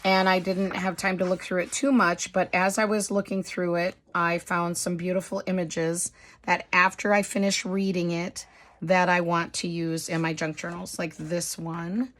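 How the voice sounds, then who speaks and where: A woman with a hoarse, slightly low-pitched voice talks through a craft haul in easy, rambling vlog chat. She is apologetic and self-deprecating, talking as if to friends watching. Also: level tone, normal speed, a bit bright. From United States. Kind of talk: casual chatty show-and-tell.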